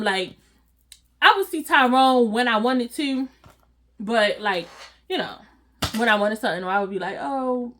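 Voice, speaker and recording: A woman vlogger telling a casual storytime, animated and slangy, acting out what people said and laughing often. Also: fairly high pitch. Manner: animated, slangy, acts out quoted voices.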